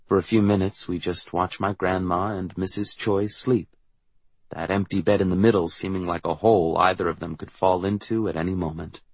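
A man narrating a first-person novel in a quiet, measured way. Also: low voice, steady tone, husky, no room sound. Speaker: audiobook narrator.

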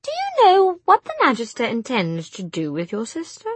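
A woman's voice: on the high side, huge pitch swings, normal speed, slightly rough, no echo, pitched above the performer's own voice, heavily acted. A woman voicing a young woman who feigns devotion with a coaxing, fluttering manner in a storybook.

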